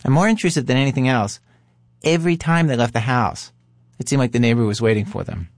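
A man hosting a podcast who narrates calmly and asks curious follow-up questions. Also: mid-range voice, quick pace, no room sound, clean studio sound. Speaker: podcast host and interviewer. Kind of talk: narration and interview.

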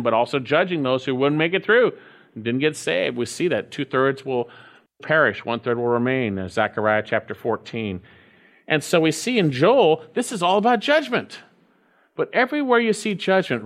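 A man preaching a sermon, reading scripture aloud and stressing key phrases by repeating them. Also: medium pitch. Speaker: pastor.

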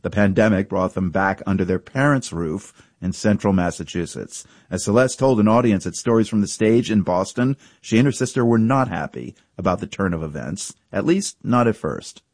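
A male radio host introducing a segment in a measured, conversational way. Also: fairly low pitch, expressive, a little mellow, no echo.

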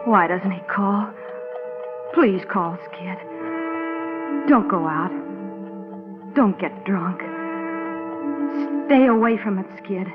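Woman doing anxious wife by the phone, slow halting pleading lines, thin phone-line sound, faint music. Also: mid-range voice, natural voice. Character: anxious lonely young wife waiting by phone. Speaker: wife waiting for a call. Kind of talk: dramatic monologue acting. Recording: tinny lo-fi recording with faint music.

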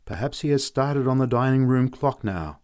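A man's voice: mid-range voice, animated, normal speed, a little mellow, voice pushed up, natural voice. A man voicing a tired, pale young man who speaks in a dry, weary way.

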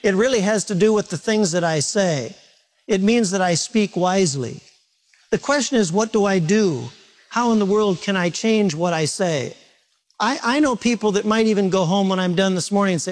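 During a church service, a pastor with a high voice preaches at a moderate pace. He talks straight to the congregation, asking questions and making self-deprecating jokes.

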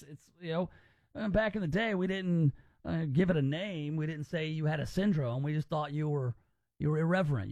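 An animated male talk radio host with a fairly high voice that moves a lot in pitch. He chats casually and wryly and stumbles over his words now and then. The sound is close and dry. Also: gravelly, dry recording. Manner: animated, wry, with many restarts.

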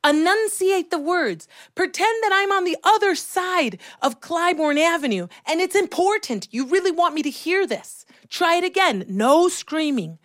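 A woman voicing a cheerful, patient drama teacher who coaxes children with a high, sing-song voice. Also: lively intonation, moderate pace, hardly any pauses, fairly bright tone, dry recording, studio quality. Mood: encouraging.

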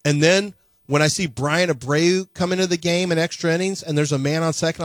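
A man's voice: fairly high pitch, fairly quick, dry recording. An American man co-hosting a sports show, bantering casually and acting out quoted reactions. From United States. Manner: animated, acts out quoted reactions. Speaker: radio sports show host.

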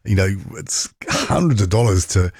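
A man's voice: on the low side, very animated, moderate pace, darkish tone, husky, no echo, clean studio sound. A New man hosting a casual radio chat, responding with short reactions and chatty stories. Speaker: radio host.

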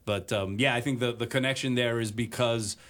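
A man hosting a sports talk radio show, chatting casually with many filler pauses. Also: mid-range voice, steady tone, fairly bright tone.

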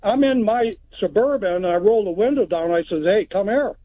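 A man's voice: sits high, expressive, brisk, no echo. A man from Texas calling in to a radio show, telling a story in a plain-spoken, rambling way. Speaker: caller. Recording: tinny phone line.

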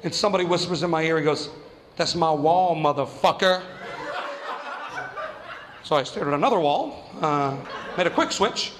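Stand-up man, high voice, profane self-mocking storyteller, reverberant hall. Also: lively intonation, fast, background noise. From New Mexico. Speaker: stand-up comedian.

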